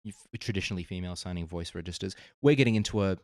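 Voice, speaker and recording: Low-voiced man calmly describing songs. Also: no echo, studio quality. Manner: measured, descriptive, picks apart production details. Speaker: podcast co-host. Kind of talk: casual music reaction chat.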